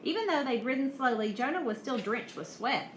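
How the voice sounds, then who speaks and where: A woman reading a novel aloud at an even pace, with small slips and restarts. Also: a little high, a little fast. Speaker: audiobook reader. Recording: echoey room, faint hiss.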